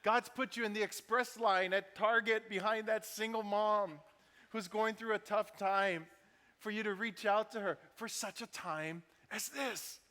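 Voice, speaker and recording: A man's voice: high voice, fairly even intonation, a little slow, pushed and bright. A man preaching a sermon as pastor, talking conversationally and acting out what people said. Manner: conversational preaching with acted-out quotes. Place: church sanctuary. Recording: church hall reverb.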